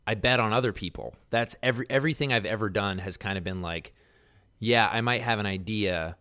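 Laid-back low-voiced man telling stories. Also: fairly quick, bright, forceful tone. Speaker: podcast co-host. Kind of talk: casual chat storytelling. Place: Los Angeles.

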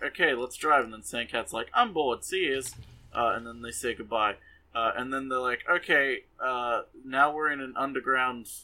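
A man's voice: mid-range voice, sharp tone, poor audio. A man casually recapping an anime episode for a podcast, sarcastic and exasperated, rambling with many fillers.

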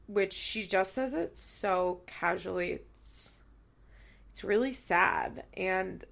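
A woman's voice: medium pitch, drawn-out words, gravelly, a bit bright. A woman in her thirties hosting a recap podcast, talking candidly and tearfully, blunt and profane, rambling and correcting herself as she goes. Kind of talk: candid casual chat.

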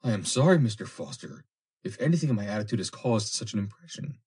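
A man's voice: fairly low pitch, expressive, fast, darkish tone, slightly rough, pitched above the performer's own voice. A man voicing a proud young woman who coolly rebuffs an insistent suitor, in a prim, reproving manner.

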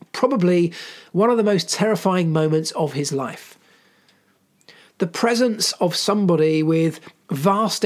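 A middle-aged man, a former mechanic, telling a personal story in an earnest, emphatic way and repeating phrases for weight. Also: high voice. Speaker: former Formula One mechanic.

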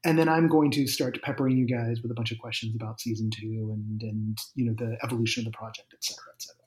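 A man hosting a podcast, talking casually and plugging his show in quick, energetic bursts. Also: medium pitch, slightly rough. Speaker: podcast host. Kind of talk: casual podcast talk and sponsor plugs.

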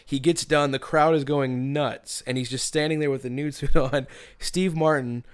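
A man's voice: mid-range voice, steady tone, normal speed, clean tone. A man on a podcast telling a story in casual chat, rambling with many restarts and bursts of laughter.

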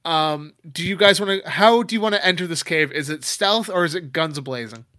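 A man acting as dungeon master of a tabletop game, lively and quick to laugh as he directs the players. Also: a little high, no echo, clean studio sound.

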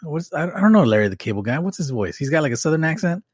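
Husky-voiced man reading a recap. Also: a little high, sing-song, quick pace, no room sound, clean studio sound. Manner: joking, wry asides while reading. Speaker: podcast co-host. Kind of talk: casual chat reading a recap aloud.

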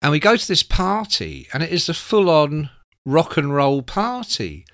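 Guy in his 60s swapping wild stories, bright lively voice, dead dry close mic. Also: on the high side, measured pace, no room sound. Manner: animated, acts out quoted voices, swears freely. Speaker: guest. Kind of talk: casual storytelling.

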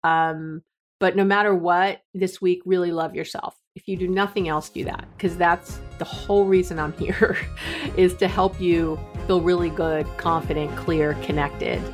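Middle-aged lady podcast host, chatty and excited, repeats stuff for emphasis, faint music under her. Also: lowish voice, a little slow. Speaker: podcast host, relationship therapist. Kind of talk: warm direct-to-listener podcast talk.

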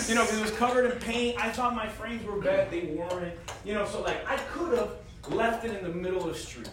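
High-voiced man telling a comic story. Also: fairly quick, few pauses, a crowd in the background. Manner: animated, laughing through his lines, slangy with lots of "bro". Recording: roomy sound with loud audience laughter.

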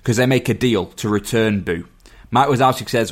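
A man's voice: lowish voice, moderate pace, husky. A man in casual chat, recapping a film plot at length and stumbling over some words. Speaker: podcast co-host.

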